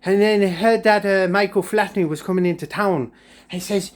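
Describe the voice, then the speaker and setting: A man's voice: sits high, steady tone, normal speed. A man telling a comic story, rambling and jokey with lots of fillers.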